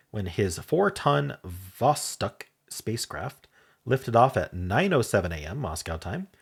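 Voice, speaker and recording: Low, husky man musing over puzzles. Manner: muses aloud, hesitant and self-correcting. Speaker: puzzle game host. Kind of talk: casual think-aloud puzzle commentary.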